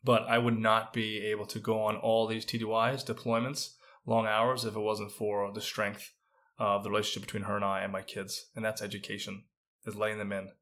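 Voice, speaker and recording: A man's voice: fairly low pitch, little pitch movement, a little fast, a bit bright. A man talking as a podcast guest, candid and self-deprecating about his career. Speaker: guest, special agent. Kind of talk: casual interview chat.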